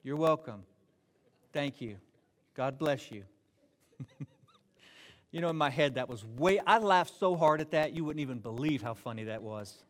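A man preaching a sermon, telling the story in an animated, joking way and acting out the dialogue. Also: mid-range voice, unhurried, pauses often. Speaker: pastor. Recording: long hall reverb.

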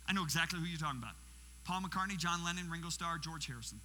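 Bright-voiced man preaching in a hall. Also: on the high side, fast. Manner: storytelling, acting out quotes and questioning the audience. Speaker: guest preacher. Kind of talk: sermon. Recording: reverberant hall with faint mains hum.

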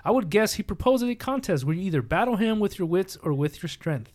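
A man reading a storybook aloud and voicing a cheerful young female fairy with bright, chipper delivery. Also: high voice, sing-song, a little fast.

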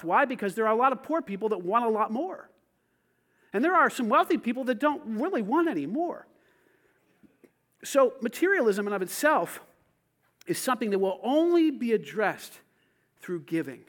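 A pastor preaching a sermon to his church, swinging from quiet, intimate lines to shouted calls for the congregation to repeat after him. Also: high-pitched, expressive, moderate pace.

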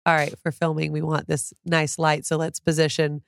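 This deep, vocal-fried female voice has a completely flat delivery and a moderate pace. The speaker, a food creator in her thirties, is a podcast guest in a conversational interview, warm and earnest with fillers, openly heartfelt and at times emotional.

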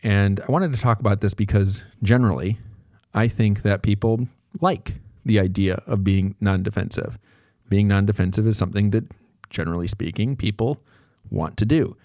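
A man's voice: on the low side, moderate pace, a little mellow, no echo, studio quality. A man in his thirties, hosting a solo podcast, talking in a rambling, candid way and often restarting his sentences. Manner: rambling, self-correcting and candid. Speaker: podcast host.

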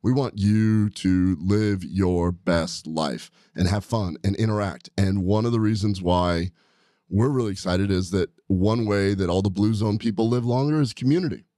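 Mellow and fairly low-pitched at a normal speed, this doctor-turned-podcast host talks in a studio with a dry recording. The casual conversation is enthusiastic and meandering, full of restarts.

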